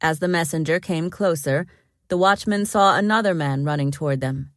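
A woman narrating a Bible story in a calm, scripted reading. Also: low-pitched, normal speed, no room sound, studio quality. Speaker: Bible reader.

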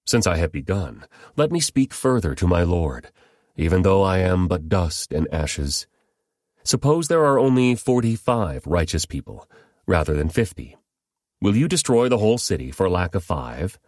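Guy reading as a humble old patriarch begging, low voice pushed a bit higher, dry sound. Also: big pitch swings, moderate pace, a little mellow, no echo. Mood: pleading. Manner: earnest, pleading.

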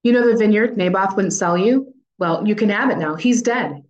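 A woman's voice: medium pitch, normal speed, a little mellow, lo-fi sound, natural voice. A woman reading the lines of a scheming, contemptuous queen in a Bible passage, in an emphatic, demanding way.

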